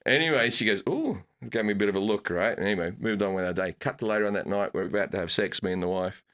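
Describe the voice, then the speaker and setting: Australian comedian guy, middle-aged, bright punchy voice, animated storytelling, squeaks up high for jokes. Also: very fast. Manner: animated, jumps into bursts of high pitch for comic emphasis. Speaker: comedian guest. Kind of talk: casual storytelling chat.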